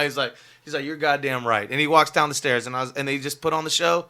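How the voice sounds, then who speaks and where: A man's voice: fairly high pitch, fast, bright, forceful tone. A man, a musician guest on a radio show, telling a story casually and animatedly, full of fillers and laughter.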